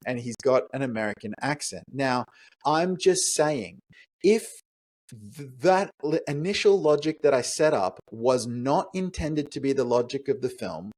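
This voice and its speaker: A man co-hosting a movie podcast talks in an animated, rhetorical way. He works through his argument aloud, full of fillers and questions to his co-host. His voice sits at a middle pitch. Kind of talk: casual movie review chat.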